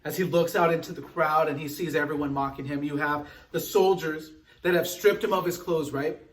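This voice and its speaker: A male pastor giving an earnest devotional sermon, quoting scripture slowly and often asking "right?". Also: on the high side, steady tone, recorded from a distance, slight background noise, rough recording.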